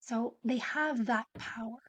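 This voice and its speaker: A woman in her forties, a podcast guest and coach, explaining ideas in an animated way and acting out example phrasings. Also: fairly high pitch, unhurried, no echo. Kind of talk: conversational interview.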